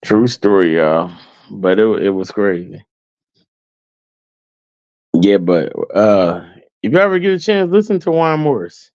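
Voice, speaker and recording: A man's voice: on the low side, lively intonation, a little slow, pauses often, a little mellow, no room sound, highs cut off. A man hosting his own channel, telling a story in a loose, chatty way to viewers and laughing easily as he goes. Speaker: channel host. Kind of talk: casual storytelling to livestream viewers.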